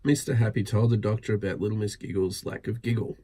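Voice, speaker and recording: A man reading a picture book aloud at bedtime, pausing to point out each picture. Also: fairly low pitch, steady tone, dark tone, breathy edge. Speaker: storybook reader.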